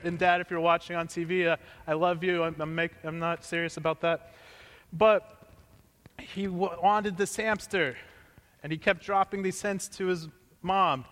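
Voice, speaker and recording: A man's voice: high-pitched, a bit bright, in a large hall. A young male pastor telling a joking personal story as part of a sermon, in a conversational way.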